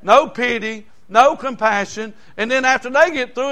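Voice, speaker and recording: A man, preaching a sermon in a folksy, animated way with homespun asides. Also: very high-pitched, moderate pace, few pauses. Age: 60s.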